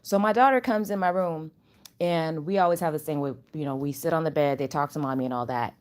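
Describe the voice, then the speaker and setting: A woman chatting at home in a casual spiritual vlog, animated and rambling, with loose slangy talk. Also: low voice, a little fast. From Chicago area. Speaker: channel host.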